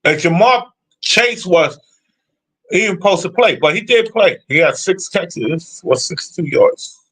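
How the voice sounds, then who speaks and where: A man's voice: high-pitched, expressive, measured pace, a bit bright, husky. A man ranting casually about football predictions, blunt and profane as he answers his chat. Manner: profane, blunt, trash-talking. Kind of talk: casual sports rant.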